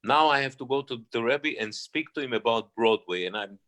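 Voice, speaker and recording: A man, a guest stage singer, telling a personal story in an interview with many restarts. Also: medium pitch. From Israel. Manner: halting, restarts often, animated retelling.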